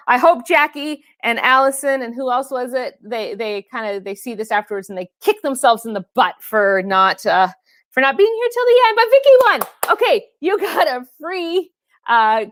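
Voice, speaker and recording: A woman's voice: medium pitch, no room sound, clean studio sound. A woman fitness trainer hosting a casual live stream, chatting and laughing with viewers and calling them by name.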